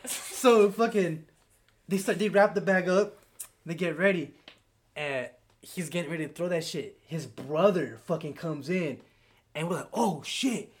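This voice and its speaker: Young male podcast host with a high, bright pitch, a lively storyteller who acts out his quotes. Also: measured pace, long pauses. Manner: animated storyteller, acts out quotes, laughs a lot. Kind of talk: casual chat.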